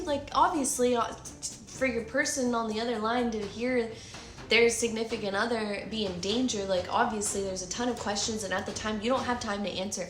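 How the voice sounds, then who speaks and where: A woman in her twenties telling a personal story in an animated way, acting out her own shouts and quoted lines. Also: a little high, fairly quick, roomy sound, faint music behind. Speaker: vlogger. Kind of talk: emotional storytime retelling.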